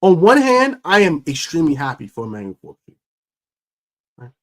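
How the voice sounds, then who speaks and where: A man hosting a fan sports show, ranting in a casual, slangy, animated way about his team. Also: fairly high pitch, brisk. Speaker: sports podcast host. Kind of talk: casual fan commentary rant.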